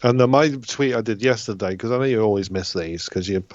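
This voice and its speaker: A man hosts a loose comedy podcast, rambling through jokes and swearing casually. His voice sits at an ordinary pitch and comes through slightly dull and lo-fi. The sound is dry and close. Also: fast talker, no room sound.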